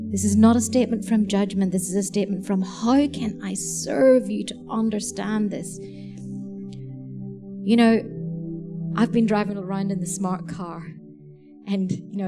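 A woman preaching a sermon, telling lively stories and laughing as she acts out the people in them. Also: medium pitch. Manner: animated, laughing storyteller. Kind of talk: sermon storytelling.

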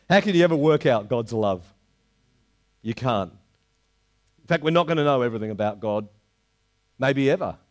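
Older man, preacher, lively sermon delivery, drawn-out emphasis on scripture. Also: medium pitch. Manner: animated preaching, slowing for emphasis on quoted verses. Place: church hall before a live congregation.

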